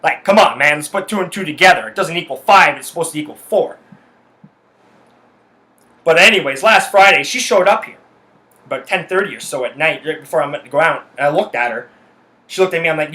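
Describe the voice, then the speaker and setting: A man delivers a heated solo podcast rant, swearing constantly as he tells his story. His voice sits a little high and comes out bright and forceful. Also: a little fast, long pauses. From Canada. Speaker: podcast host. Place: his house.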